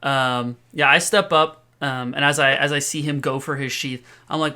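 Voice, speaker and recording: A man's voice: mid-range voice, steady tone, moderate pace, hardly any pauses, bright, forceful tone, clear, resonant tone. A man playing a character in a tabletop role-playing game, talking casually and joking with the group. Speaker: player. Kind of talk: tabletop role-play chat.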